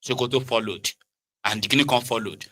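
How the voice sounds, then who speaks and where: A Nigerian man with a Yoruba-inflected accent giving animated political commentary, switching between Pidgin, Yoruba and English and mimicking people mockingly. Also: mid-range voice, moderate pace.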